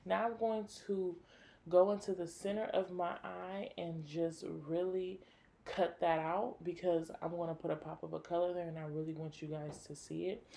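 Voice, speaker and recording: A young woman hosts a makeup tutorial, talking straight to viewers in a casual, enthusiastic way, peppering her speech with "like" and the odd swear. Her voice is on the low side and mellow, with vocal fry.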